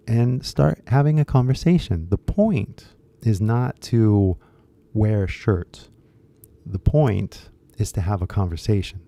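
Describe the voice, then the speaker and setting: Chatty man with a dark, mellow voice. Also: on the low side, lively intonation, moderate pace. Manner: loose and chatty, full of "like" and restarts; switches into Japanese at times. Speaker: English teacher and shirt seller. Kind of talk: casual talk to viewers.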